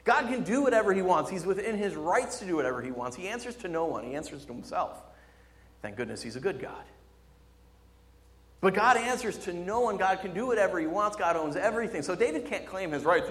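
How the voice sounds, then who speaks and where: A man preaching a sermon, jumping from loud, excited exclamations to quiet, low emphasis. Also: fairly quick. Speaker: pastor. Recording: long hall reverb.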